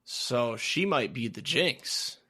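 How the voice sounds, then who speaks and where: A man's voice: medium pitch, expressive, takes it slowly, bright, forceful tone, slightly rough. A man co-hosting a podcast, chatting about sports in a laid-back, teasing way. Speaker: podcast co-host. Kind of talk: casual sports chat.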